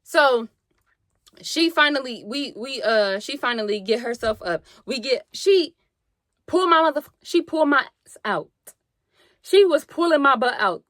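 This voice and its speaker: A young woman telling a story on her vlog, animated and slangy with plenty of swearing, acting out what people said. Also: sits high, a little slow, no room sound. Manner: animated, slangy and profane, acts out quotes. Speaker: vlogger.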